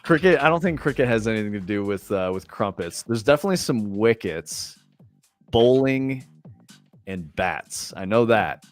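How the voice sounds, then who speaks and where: A low-pitched young American man chatting loosely on a livestream. He rambles through his stories with many likes and casual swearing. Faint music plays under his voice. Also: lively intonation, normal speed. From United States. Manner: loose, rambling, filler-heavy, profane. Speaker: streamer.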